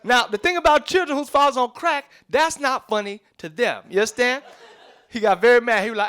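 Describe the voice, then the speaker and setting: A young man doing a stand-up comedy set on a club stage, telling stories in with quick asides to the crowd. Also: very high voice, sharp tone, clear, resonant tone. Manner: loose, streetwise storytelling with quick asides to the crowd.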